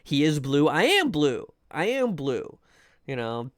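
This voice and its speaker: A man's voice: a little high, sing-song, unhurried, no room sound, clean studio sound. A man streaming live, chatting casually with viewers in a rambling way, full of fillers and restarts. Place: home room.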